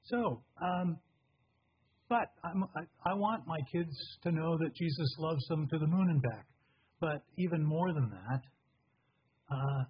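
An older pastor preaching a sermon in a halting, conversational way. His voice is husky and breathy, and the recording sounds dull and lo-fi. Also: fairly high pitch.

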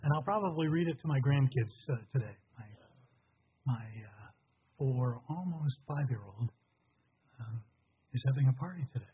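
An older man preaching a sermon as a pastor, in a halting, conversational way with a husky voice. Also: mid-range voice, lively intonation. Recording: dull lo-fi recording.

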